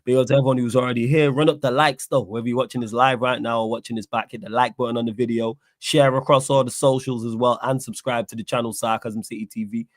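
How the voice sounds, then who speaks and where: A man hosting a casual live podcast, his voice hoarse and cracking from singing, talking excitedly in slang. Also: medium pitch, dry recording, clean studio sound. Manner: excited, shout-outs in slang. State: strained, cracking voice. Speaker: podcast host.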